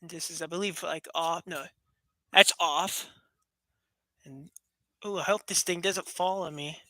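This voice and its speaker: Bright, playful woman vlogger. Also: fairly low pitch, fairly even intonation, unhurried, no room sound. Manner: playful, rambling, laughs often, jokes sarcastically. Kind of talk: casual chat to camera. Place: room at home with a fast fan running. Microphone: webcam.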